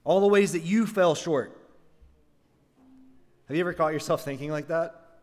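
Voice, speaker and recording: A man preaching to his congregation in an earnest voice that sits a little high. He keeps asking them questions as he builds his point. His voice carries a long hall reverb. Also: moderate pace, darkish tone. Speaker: pastor. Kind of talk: sermon.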